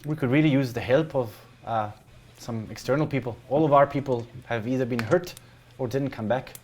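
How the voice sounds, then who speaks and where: A man's voice: medium pitch, brisk, a little mellow, a little hiss or hum, close to an everyday voice. A man voicing a friendly, chatty halfling woman who leads her town, with a Scottish accent and a welcoming manner. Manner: chirpy, welcoming.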